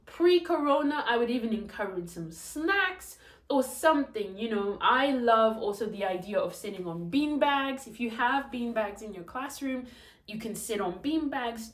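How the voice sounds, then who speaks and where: A woman's voice: fairly high pitch, reverberant. A woman teacher giving chatty, demonstrative tips on telling stories to children. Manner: chatty, demonstrative, switches into character voices. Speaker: English teacher.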